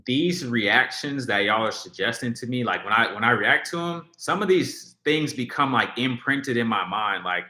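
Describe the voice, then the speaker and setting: A man with a medium-pitched, expressive voice and a sharp tone hosts a casual livestream, reacting to music and reading out viewer comments. He talks at a moderate pace with few pauses, rambling along with plenty of fillers and restarts. The room gives off a noticeable echo.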